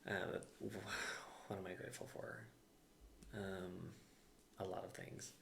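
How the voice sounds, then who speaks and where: A man's voice: low voice, little pitch movement, slow, gravelly, a bit bright, slight background noise. A man co-hosting a podcast in loose, rambling casual chat, swearing and restarting sentences. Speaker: podcast co-host. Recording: echoey room.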